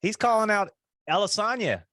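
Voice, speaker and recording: A man co-hosting a casual podcast, telling animated stories, swearing freely and breaking into mock voices. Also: sits high, moderate pace, no echo. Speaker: podcast co-host. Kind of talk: casual chat. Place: living abroad, talking indoors.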